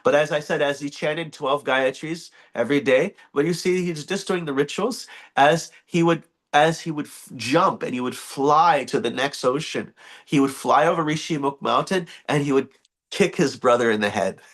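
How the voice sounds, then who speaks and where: A man leading a morning scripture class in a temple, telling stories in an animated, chuckling, loosely phrased way. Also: on the high side, moderate pace. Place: temple hall.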